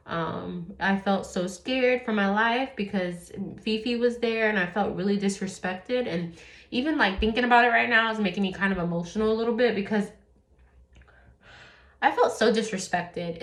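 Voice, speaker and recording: Woman, casual storyteller, rambling and candid, mid pitch, roomy echo. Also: a bit bright. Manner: candid, rambling, many fillers and swearing. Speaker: YouTuber telling a personal story.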